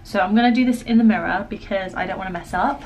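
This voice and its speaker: A young British woman vlogging to the camera from her room at home, chatty and giggly, her voice slightly hoarse. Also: medium pitch, quick pace, a little mellow, a little hiss or hum, poor audio. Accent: British English. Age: young adult. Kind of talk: casual vlog chat. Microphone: camera mic, filming herself.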